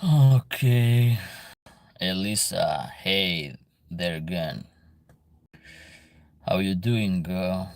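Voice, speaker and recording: Man, low voice, gravelly, earnest, lecturing, broken English, livestream chat. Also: drawn-out words, long pauses, a bit bright. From Albania. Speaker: livestream host reading chat.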